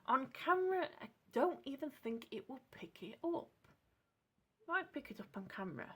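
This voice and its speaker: A woman with a British accent chatting at her home craft desk while she tests paints. She rambles, corrects herself and drops into soft asides. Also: high voice, very animated, moderate pace. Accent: British English. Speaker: craft channel host testing paints. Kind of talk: casual craft demonstration chat. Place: home craft desk lit by a clip-on lamp.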